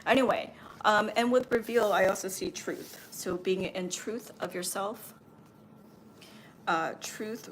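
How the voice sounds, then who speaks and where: A woman who works as a spiritual medium and Reiki healer passes on channeled messages during a livestream, speaking slowly at a medium pitch. Her talk meanders reassuringly and is packed with fillers, with a little hiss or hum in the recording.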